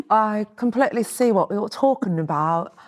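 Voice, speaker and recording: A woman hosting a podcast, quick to laugh in casual chat. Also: mid-range voice, darkish tone. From Colombia. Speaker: podcast host.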